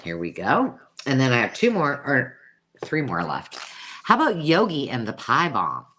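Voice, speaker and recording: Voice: mid-range voice, wildly swooping pitch, moderate pace, pushed and bright. A host chatting casually through a live sale, self-mocking and cooing over old pictures. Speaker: host selling vintage books.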